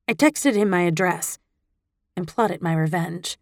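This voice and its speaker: Low-voiced woman reading an audiobook. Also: measured pace, dry recording, studio quality. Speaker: audiobook narrator. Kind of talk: first-person audiobook narration.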